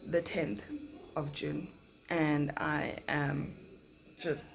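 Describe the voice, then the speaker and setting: A woman's voice: low voice, extremely slow, vocal fry. A young South African woman, a flight attendant, chatting casually to camera and acting out the lines of the people in her story. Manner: animated, acts out passengers' lines in quotes. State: tired, speaking softly in the morning.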